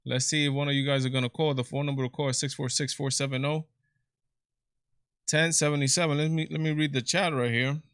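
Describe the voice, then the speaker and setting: A man's voice: on the high side, little pitch movement, brisk, a bit bright, clean tone, dry recording, clean studio sound. A man hosting a casual political livestream, rambling with lots of fillers and restarts. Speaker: livestream show host. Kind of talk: casual commentary with chat reading.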